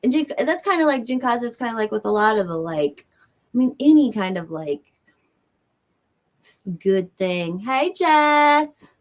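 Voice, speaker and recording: A woman's voice: mid-range voice, animated, normal speed, long pauses. A woman with a Southern American accent, hosting a livestream and chatting casually with viewers in a rambling way. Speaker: livestream host. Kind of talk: casual chat answering viewers.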